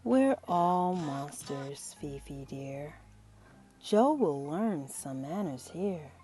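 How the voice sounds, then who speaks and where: A woman voicing a kindly, patient old mummy teacher who speaks in rhyme, slow and teacherly, for a storybook reading. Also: low-pitched, animated, mellow, faint music behind, voice pushed down, heavily acted. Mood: rhyming.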